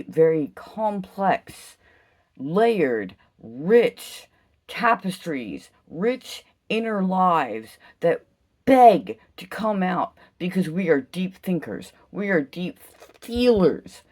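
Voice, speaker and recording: A woman giving an impassioned solo vlog rant, emphatic and profane, swinging from loud outbursts to low, slow musing. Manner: intense, emphatic, heavy swearing. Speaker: vlogger.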